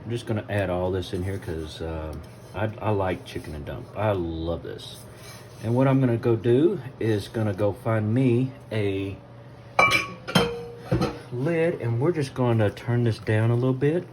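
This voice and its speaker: This cooking video host has a fairly low voice, a measured pace, and a Southern US accent, recorded with background noise. He films a casual vlog in his home kitchen, chatting folksily and calling viewers y'all.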